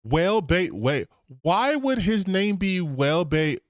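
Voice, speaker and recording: A man doing casual reaction commentary on a stream, sarcastic and openly incredulous. His voice sits fairly high and swings widely in pitch, and the sound is dry and close. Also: big pitch swings, unhurried, no room sound. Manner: sarcastic, incredulous, repeats himself for emphasis.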